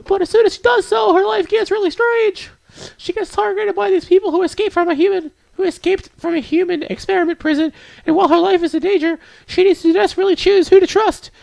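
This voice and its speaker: A man doing a shy bookish schoolgirl in falsetto. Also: gravelly, a little mellow, no echo, heavily acted. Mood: explaining. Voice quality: high falsetto. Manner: hesitant, stammering, rambles then apologizes. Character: shy bookish teenage girl, soft-spoken and apologetic. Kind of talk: visual novel read-aloud.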